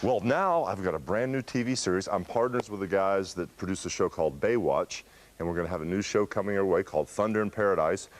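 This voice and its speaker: A man with a deep, gravelly voice, a laid-back and jokey celebrity guest in a TV studio. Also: fast talker, slight background noise. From USA.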